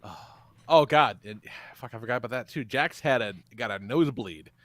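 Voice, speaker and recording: A man's voice: medium pitch, normal speed, a bit bright, no echo. A man co-hosting a podcast, telling a rambling story with lots of swearing and laughter. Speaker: podcast co-host. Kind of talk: casual podcast chat.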